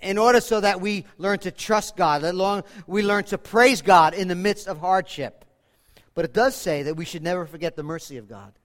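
A man preaching a sermon as pastor, emphatic, swinging between loud declarations and soft, hushed passages as he quotes scripture. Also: high voice, moderate pace. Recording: long reverb of a large hall.

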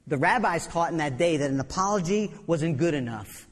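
A man preaching a sermon, animated, often repeating words and acting out quotes. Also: a little high, fairly quick. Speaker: pastor. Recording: long reverb in a church hall.

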